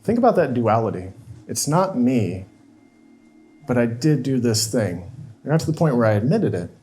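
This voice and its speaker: A man's voice: medium pitch, sing-song, quick pace, mellow, a little hiss or hum. Man telling a raw confession on stage. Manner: emotional, confessional, acts out quoted dialogue. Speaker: speaker. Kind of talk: personal story talk on stage. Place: stage at a live talk event.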